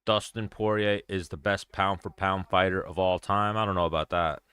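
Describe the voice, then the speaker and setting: A young man hosting a casual stream, with a low, smooth, resonant voice that stays bright and crisp. He talks bluntly, swears freely and rambles, close to the mic in a dry room. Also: fairly even intonation, normal speed, no room sound. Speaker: show host. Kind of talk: casual livestream chat.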